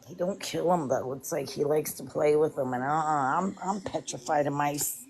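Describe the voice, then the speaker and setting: A woman with a deep, slightly mellow voice chats casually at a normal speed on a livestream from her home kitchen. She goes on in long, rambling stretches and is fond of saying "it's like."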